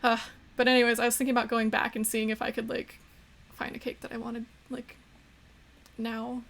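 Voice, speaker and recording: A woman's voice: fairly high pitch, flat delivery, a little fast, vocal fry, a bit bright, slight background noise. A woman VTuber streaming a game in a bubbly way, sometimes reading the game dialogue aloud. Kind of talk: casual gameplay streaming.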